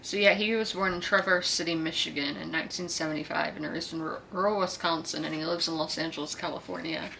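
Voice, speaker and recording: Bright, gravelly-voiced young woman vlogger. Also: sits low, steady tone, fast, few pauses, a little hiss or hum. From South Carolina, US. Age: 20s. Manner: chatty, rambling with many restarts and asides. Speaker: book vlogger. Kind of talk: casual reading vlog chat.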